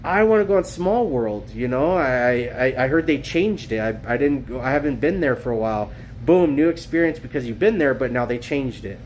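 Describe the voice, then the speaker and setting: A man's voice: mid-range voice, expressive, normal speed, few pauses, a little hiss or hum. A man livestreaming from his phone, talking earnestly in a rambling way, with lots of fillers, restarts and repetition. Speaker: streamer. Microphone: cell phone.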